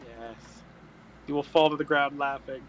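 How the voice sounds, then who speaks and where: A man playing a tabletop game, voicing his character with sudden loud high shouts. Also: fairly even intonation, moderate pace, a little hiss or hum, poor audio. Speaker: player.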